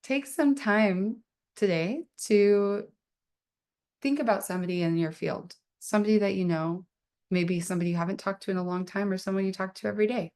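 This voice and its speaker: A woman hosting an online prayer circle on a video call, guiding gently and affectionately. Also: mid-range voice, steady tone, a little fast. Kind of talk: guided spiritual circle, casual.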